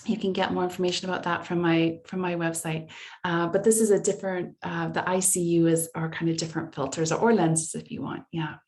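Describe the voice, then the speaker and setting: A woman's voice: lowish voice, darkish tone. A woman presenting a live online workshop, answering audience chat comments aloud in a conversational way, often restarting her sentences as she thinks aloud. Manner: frequent restarts and fillers while thinking aloud.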